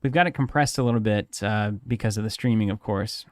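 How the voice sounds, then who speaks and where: A man co-hosts a live card game stream, joking and teasing in casual banter. His voice is on the low side and fairly quick, with hardly any pauses. He speaks into a boom-mounted studio broadcast mic, and the sound has no echo.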